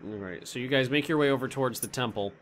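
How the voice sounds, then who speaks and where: A man's voice: mid-range voice, fast, a bit bright, a little hiss or hum. A man narrating a tabletop game as dungeon master, rambling and searching for words as he describes scenes.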